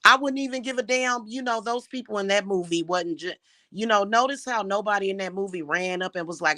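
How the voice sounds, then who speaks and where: A woman's voice: mid-range voice, fairly quick, pushed and bright, dry recording, studio quality. A woman giving blunt love advice in a casual monologue, emphatic and swearing freely.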